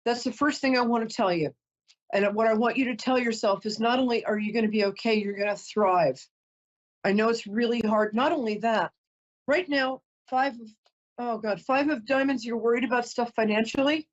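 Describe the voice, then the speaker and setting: A woman's voice: fairly high pitch, normal speed, muffled recording. A woman giving a live call-in psychic reading, chatty and emotional, often breaking off to apologize. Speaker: psychic reader.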